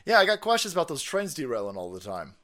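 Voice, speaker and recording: A man's voice: on the high side, wildly swooping pitch, fast, pushed and bright. A man hosting a live stream, ranting in a profane, sarcastic way and laughing often. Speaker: streamer host.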